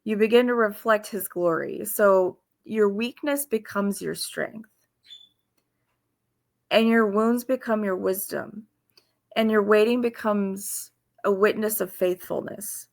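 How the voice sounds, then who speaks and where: A woman giving informal devotional teaching in an earnest, halting way, with pauses and restarts. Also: medium pitch, gravelly. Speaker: faith video host.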